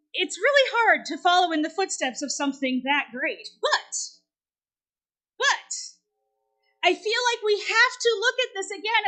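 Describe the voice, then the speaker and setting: A woman's voice: very high-pitched, bright, forceful tone. A woman in her forties giving a sermon in a conversational storytelling way, asking the congregation questions. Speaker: minister.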